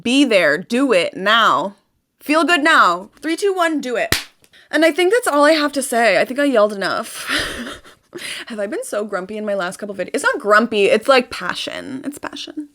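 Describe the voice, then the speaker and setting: High-voiced animated young woman vlogger. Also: normal speed. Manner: animated, emphatic, repetitive, swears casually. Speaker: manifestation vlogger. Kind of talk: casual motivational vlog.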